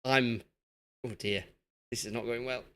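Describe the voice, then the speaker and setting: Steady in tone and a little slow, the mid-range, slightly bright voice belongs to a young streamer from Yorkshire, England. He talks casually with his live chat during a football management game, chatty and often mocking himself.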